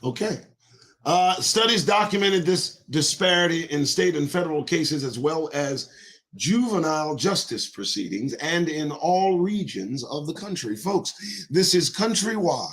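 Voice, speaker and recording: Emphatic high-voiced man reading and preaching. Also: expressive, a little slow, a bit bright. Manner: emphatic, repeats key lines, asks listeners pointed questions. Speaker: host reading and commenting on a report. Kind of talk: reading aloud with fiery commentary.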